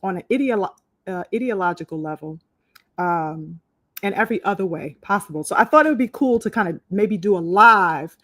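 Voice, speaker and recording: A woman hosts a live podcast in a loose, chatty way, full of "um"s, "you know"s and restarts. Her voice sits in a middle pitch. The sound is dry and close, with no room around it. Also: animated, brisk, a bit bright, no room sound. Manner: chatty, many fillers and restarts, greets viewers by name. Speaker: podcast host. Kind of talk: casual live-stream talk.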